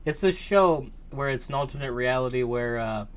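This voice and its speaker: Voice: mid-range voice, normal speed. A podcast co-host in casual chat, easygoing and often laughing.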